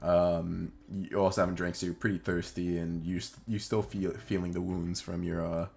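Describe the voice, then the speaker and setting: A man's voice: sits low, little pitch movement, normal speed, vocal fry, darkish tone. A young man narrating a tabletop game as game master, rambling with many fillers.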